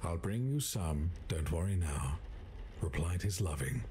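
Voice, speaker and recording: A man voicing an eerie storybook narrator for a horror game, in whispered storybook narration with a hushed, breathy tone. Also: sits low, animated, a little slow, slight background noise.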